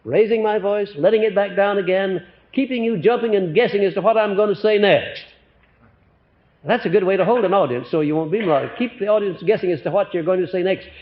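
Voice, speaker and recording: This muffled 1950s recording captures an older man speaking fast in a high voice during a live motivational lecture. He's animated, peppers his speech with fillers, and alternates between loud, emphatic lines and quiet ones.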